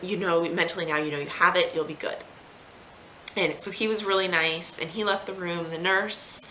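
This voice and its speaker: A woman tells her birth story in a casual vlog. She acts out the lines of everyone involved. Her voice sits low but sounds bright and forceful, and it echoes around the room. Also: a little hiss or hum. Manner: animated, acts out quoted dialogue.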